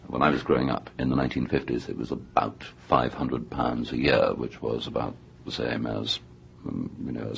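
A man's voice: very deep voice, vocal fry, fairly bright tone, muffled recording, a little hiss or hum. A middle-aged English man, an author being interviewed in a radio studio, talking in an erudite, discursive way with many hesitations. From England. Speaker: author guest. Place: New York radio studio.

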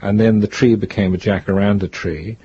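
An older man, a guest author, telling stories in an interview in a rambling, reflective way with a gravelly, husky voice. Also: fairly low pitch, fairly even intonation, a little fast, mellow, dull audio. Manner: rambling, reflective, restarts often. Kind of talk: interview, storytelling.

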